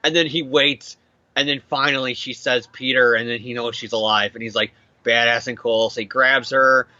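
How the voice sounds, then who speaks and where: A young man recapping a comic book issue in casual chat, animated and swearing as he acts out the characters. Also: medium pitch, normal speed, dry recording, highs cut off. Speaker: comic podcast co-host.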